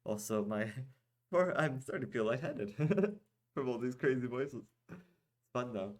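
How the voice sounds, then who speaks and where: A male storyteller reading his own fantasy fiction at a slow, easy pace. His delivery is lively and expressive, with pitch that rises and falls freely, and he drops into relaxed, chatty asides between passages. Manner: unhurried, expressive reading that breaks into casual asides. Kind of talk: storybook narration.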